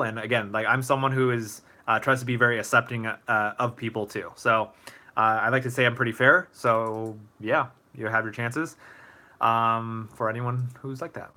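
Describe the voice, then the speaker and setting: Speaking at a medium pitch, a young man hosts a laid-back live stream where he fields viewers' questions thoughtfully, often restarting and using many fillers.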